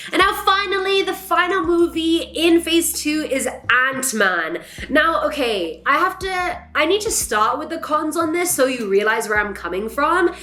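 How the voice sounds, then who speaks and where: A young adult woman vlogger chatting casually about films, animated and swearing freely. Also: fairly high pitch. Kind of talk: casual reaction chat. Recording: echoey room.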